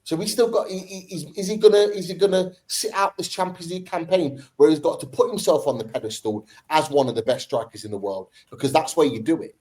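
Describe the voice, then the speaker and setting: A man's voice: a little high, fast talker, hardly any pauses, a little mellow, rough recording. Passionate man ranting in a fan debate. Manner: passionate, ranting, repeats points for emphasis. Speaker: football podcast host.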